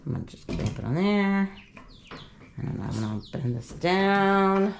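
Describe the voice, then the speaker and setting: A very animated woman films a casual farm vlog at an outdoor poultry pen, chatting unhurriedly as she sets up the pen and fusses over her ducks and chicks. She talks to the ducks in a high, sing-song baby voice, while birds cluck and chirp clearly in the background.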